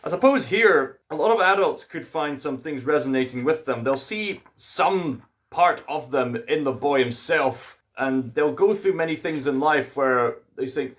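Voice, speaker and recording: Scottish man, casual film review, musing, hesitant, lots of fillers, mid-range pitch. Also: animated, normal speed.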